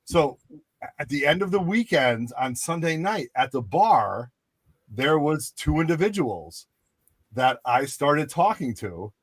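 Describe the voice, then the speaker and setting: Animated storytelling man, dry sound. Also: on the high side, unhurried, dry recording. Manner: animated, acts out quotes. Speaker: podcast co-host. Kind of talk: casual storytelling chat.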